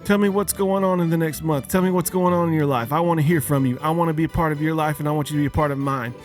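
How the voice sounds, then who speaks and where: A man's voice: on the high side, fairly even intonation, fast, faint music behind. A man hosting a podcast, a father of young kids, delivering a joking, casual holiday rant and firing many questions at his listeners. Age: adult, father of young kids. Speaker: podcast host.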